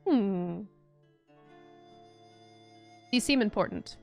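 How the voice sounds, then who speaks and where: A woman's voice: medium pitch, expressive, moderate pace, vocal fry, soft background music. A young woman streaming a game, chatting casually and giggling often. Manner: giggly and playful, often laughing. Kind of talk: casual gameplay commentary.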